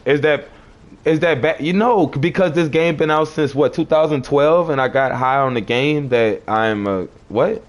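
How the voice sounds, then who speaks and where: A man with a fairly high speaking voice, talking on a livestream. He argues with commenters in a preachy, confrontational way. He keeps repeating his phrases. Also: normal speed. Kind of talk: arguing with live chat commenters.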